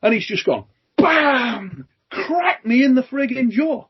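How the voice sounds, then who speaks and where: A British man hosting a podcast, telling lively stories, acting out quoted lines and swearing freely. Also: extremely high pitch, slow pace, slightly rough, dull audio. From Britain. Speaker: podcast host and armwrestling champion. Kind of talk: casual chat, storytelling.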